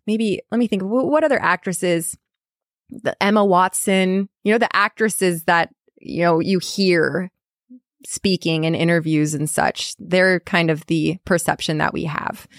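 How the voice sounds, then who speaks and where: A woman's voice: lowish voice, measured pace, no room sound, clean studio sound. A young American woman, an English teacher on a podcast as a guest, chatting in a bubbly, laugh-filled way with lots of "like" and "you know". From United States. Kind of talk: casual chat.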